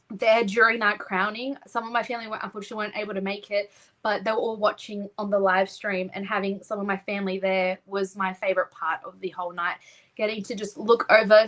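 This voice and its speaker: A woman's voice: mid-range voice, fairly bright tone, low-quality recording. A young woman with an Australian accent, talking earnestly and at length as an interview guest. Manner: earnest, heartfelt, rambling. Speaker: pageant winner guest. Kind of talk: casual interview chat.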